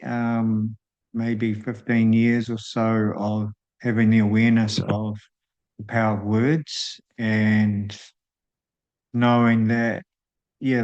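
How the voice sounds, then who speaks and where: A man hosting a solo spiritual talk, speaking thoughtfully with frequent pauses and drawn-out ums. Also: fairly low pitch, a little mellow, muffled recording. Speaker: host.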